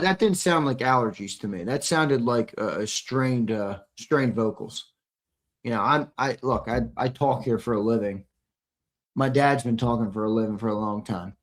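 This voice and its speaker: A man's voice: mid-range voice, a bit bright. A young man co-hosting a live sports stream, reading the chat in a brash, teasing, profane way, his voice a little strained. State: slightly strained voice.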